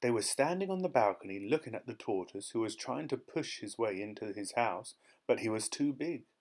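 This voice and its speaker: A man's voice: on the low side, animated, fairly quick, darkish tone. Man reading a storybook aloud. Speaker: audiobook narrator.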